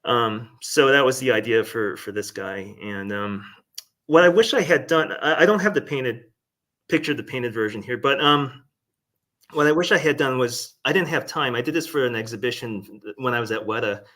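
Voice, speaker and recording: A man talking as a guest artist in a casual interview, hesitant and animated, with plenty of "um" and "like". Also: mid-range voice, normal speed.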